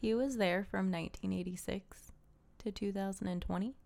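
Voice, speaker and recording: A woman's voice: mid-range voice, steady tone, creaky, a little mellow. Emotional woman reacting on a podcast. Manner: reactive, emotional, quick interjections. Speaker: podcast co-host. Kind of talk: casual chat.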